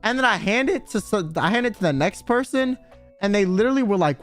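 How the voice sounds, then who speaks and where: High-voiced man rambling through a story. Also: lively intonation, fast, fairly bright tone, soft background music. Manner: rambling, slangy, swears a lot. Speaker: streamer. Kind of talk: casual chat storytelling.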